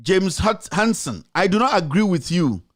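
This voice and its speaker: A Ghanaian man hosting a talk show raises his high voice with passion, his pitch swinging widely at a moderate pace. In impassioned political commentary, he repeats his lines and hurls rhetorical questions straight at his critics.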